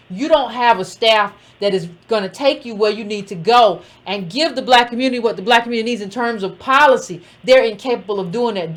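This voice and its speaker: Blunt woman host talking straight to viewers. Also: high voice. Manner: blunt, conversational, addresses viewers as "fam". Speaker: political commentary host. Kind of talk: casual direct-to-camera political talk.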